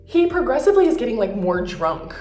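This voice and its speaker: A woman's voice: a little high, big pitch swings, brisk, a little mellow, roomy sound, faint music behind. A young woman vlogger telling a story in a candid, profane, casual way with lots of fillers.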